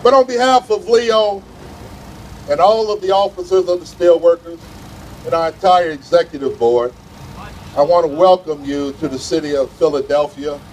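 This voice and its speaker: High-voiced man addressing a union rally. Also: normal speed, a little mellow, a little hiss or hum, poor audio. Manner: folksy, confident, tells anecdotes. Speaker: union vice president. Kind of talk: rally speech. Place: outdoor rally in a city.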